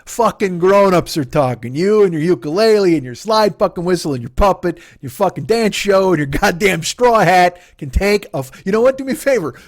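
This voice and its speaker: A man's voice: no room sound, studio quality. A man in his forties hosting a comedy podcast, ranting with a lot of swearing and mocking. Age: 40s. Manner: mock voices for others, high and loud. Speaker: podcast host. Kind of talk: comedic rant.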